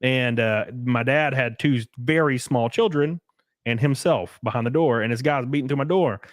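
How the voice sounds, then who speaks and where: A man hosting a podcast, chatting casually and reading out viewer comments, blunt and profane, telling stories with animated energy. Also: medium pitch, moderate pace, no room sound, studio quality. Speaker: podcast host.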